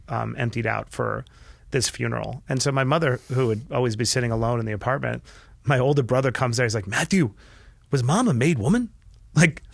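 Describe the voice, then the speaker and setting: A middle-aged man, a podcast guest, telling a candid personal story earnestly and with feeling, often restarting his sentences and dropping his voice quietly. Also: medium pitch, creaky, no echo. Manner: earnest and emotional, with frequent restarts and quiet dips.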